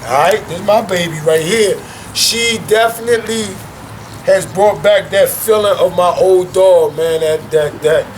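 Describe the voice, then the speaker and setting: At home with his dogs, a young guest talks in a lively, casual way, full of slang and working "man" into almost every thought. He speaks at a measured pace in a high-pitched voice, with slight background noise.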